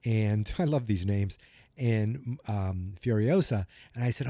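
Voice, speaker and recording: A man's voice: on the low side, slow pace, dark tone, no room sound. A man with a Boston accent hosting a podcast, chatting casually about a film in a rambling way, often stopping to correct himself. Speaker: podcast host. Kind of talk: casual movie review chat.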